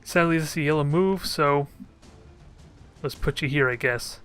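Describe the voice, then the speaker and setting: A man with a bright, forceful voice that sits a little high. He talks through his own strategy game in a casual let's-play commentary, thinking aloud as he plays and throwing joking remarks at his troops. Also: moderate pace, clear, resonant tone, faint music behind. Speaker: gameplay commentator.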